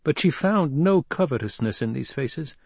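Man, audiobook narration, husky, dry recording, measured. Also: on the high side, expressive, dry recording.

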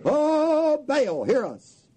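A preacher voicing a frenzied crowd of pagan prophets, with wailing, shouted pleading. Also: male voice, very high-pitched, huge pitch swings, drawn-out words, pitched above the performer's own voice, full character voice.

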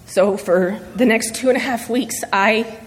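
A woman sharing a personal faith testimony before her church, speaking earnestly and haltingly through emotion. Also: a little high. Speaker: church member giving testimony. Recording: long reverb of a large hall.

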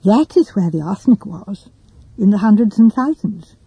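A woman voicing a gentle, fussy old spinster who rambles softly. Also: medium pitch, lively intonation, normal speed, breathy edge, dry recording, muffled recording. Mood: musing. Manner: rambling, soft and quiet.

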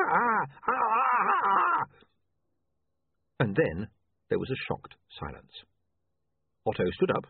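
A man narrating a story in a dry, measured way. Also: mid-range voice, husky, no room sound. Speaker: audiobook narrator. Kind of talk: scripted narration. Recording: tinny phone-like, dry.

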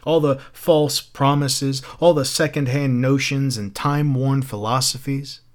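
Menacing fire captain, slow and savoring, a bit higher, man doing the voice. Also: steady tone, close to an everyday voice.

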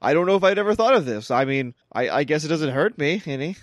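A man co-hosting a podcast in casual comedic chat, joking and acting out quotes in high voices. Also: quick pace, no echo, studio quality. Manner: animated, jokey, acts out quotes in high voices. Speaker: podcast co-host.

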